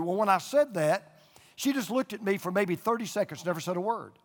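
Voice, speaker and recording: An older man delivers a sermon in a fairly high voice, telling homespun stories and hammering his points home with emphatic repetition. His voice rings out through a large church auditorium, trailing a long reverb. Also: lively intonation, brisk. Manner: folksy storytelling preacher, emphatic repetition. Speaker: pastor. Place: church auditorium with a live and online audience.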